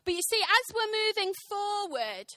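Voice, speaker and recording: Woman in her thirties, sermon, high bright voice, dry close sound, punchy comic storytelling. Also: normal speed, no room sound. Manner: animated, impassioned, punchy comic timing. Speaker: preacher. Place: church service.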